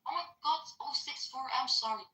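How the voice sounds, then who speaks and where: A woman with a thick non-native European accent on a casual phone call, blunt and quick to exclaim. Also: sits high. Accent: non-native English, European. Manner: excitable, blunt, exclaims often. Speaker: caller. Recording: echoey distant phone audio.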